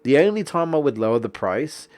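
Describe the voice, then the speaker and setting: A man's voice: mid-range voice, very animated, fairly quick, darkish tone. Casting note: young guy, game streamer, swears a lot, rants and jokes about the game, mid-range voice. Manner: profane, exasperated, jokey rants. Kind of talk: casual gaming stream commentary.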